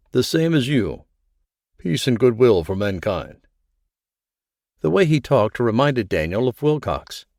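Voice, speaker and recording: A man's voice: on the low side, no echo, studio quality. A man narrating a thriller audiobook, voicing the characters' lines as he reads. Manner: reads the story, giving characters voices. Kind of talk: scripted narration.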